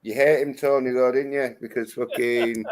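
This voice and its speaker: A man's voice: mid-range voice, flat delivery, moderate pace. Teasing, crude livestream host man. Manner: teasing, crude, repeats himself. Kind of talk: casual livestream chat.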